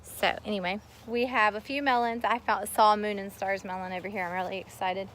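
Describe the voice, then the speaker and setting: Walking outdoors through her backyard garden with a phone camera, this homestead vlogger chats in a rambling, slightly breathless way, speaking to her kids and dog. Her medium-pitched voice is fairly even, fairly quick, and a bit bright, against slight background noise.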